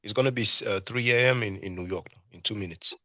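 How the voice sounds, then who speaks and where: A man hosting a livestream, commenting casually and talking in a halting way with many fillers and restarts. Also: lowish voice, sharp tone, no echo, lo-fi sound. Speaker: livestream host.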